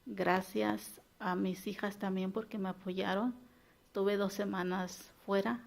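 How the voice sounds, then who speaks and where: A woman's voice: mid-range voice, steady tone, moderate pace, gravelly. A woman giving a heartfelt, grateful thank-you speech at her graduation.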